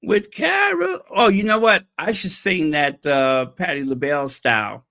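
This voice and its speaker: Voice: medium pitch, lively intonation, moderate pace, pushed and bright. A host chatting casually on a live stream, playful and joking, with a voice worn from hours of talking. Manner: playful, joking, bursts into singing. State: losing voice, dry throat.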